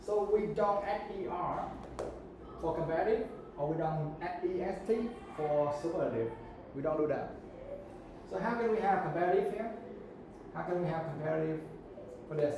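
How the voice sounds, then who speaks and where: A man's voice: fairly high pitch, normal speed, long pauses, echoey room, noisy background. A man teaching an English grammar lesson, often checking that students understand. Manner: checks understanding with repeated questions.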